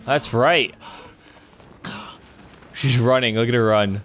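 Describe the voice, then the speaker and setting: A young man commenting on a horror game he is playing, excitable and quick to swear, breaking into panicked yelling. His voice sits at an ordinary middle pitch, with a faint noise hum in the background. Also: crowd noise. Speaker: gamer. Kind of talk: let's play commentary.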